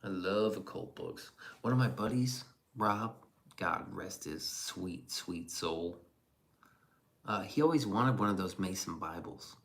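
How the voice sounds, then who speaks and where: A man's voice: low-pitched, expressive, takes it slowly, gravelly, a bit bright. A man streaming casually and reacting to chat, rambling and profane with chuckling asides.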